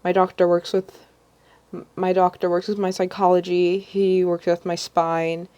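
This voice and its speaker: A woman's voice: on the low side, level tone, moderate pace, mellow, clean tone, dull audio. Rambling young woman livestreaming. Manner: rambling, many ums and restarts. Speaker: vlogger. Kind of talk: casual livestream chat.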